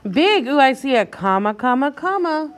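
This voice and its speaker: A woman teacher leading a guided reading lesson for young children, sounding out words slowly and encouraging her class. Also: high voice, big pitch swings.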